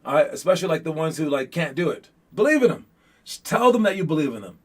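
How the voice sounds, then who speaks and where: A man's voice: fairly high pitch, very animated, quick pace. A young man coaching young basketball players in a casual, rambling motivational talk full of fillers and restarts.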